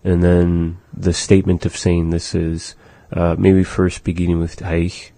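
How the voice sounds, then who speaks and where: A man teaching vocabulary in a language lesson, slowly explaining phrases and modeling pronunciation for learners to repeat. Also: sits low, completely flat delivery, mellow, no room sound. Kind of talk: language lesson with repetition drills.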